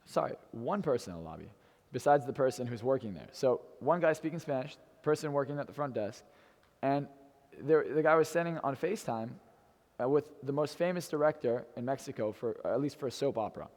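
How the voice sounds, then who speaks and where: A man's voice: mid-range voice, animated, brisk, a little mellow, long reverb tail. A young man in his twenties telling a brash, swearing personal story to an audience in a hotel event room. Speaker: motivational speaker.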